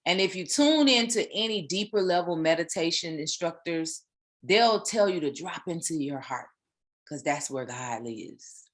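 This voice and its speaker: A woman speaks as a spiritual teacher, delivering a casual, animated motivational talk in the style of a sermon and repeating phrases. Her voice sits fairly low and her pace is unhurried.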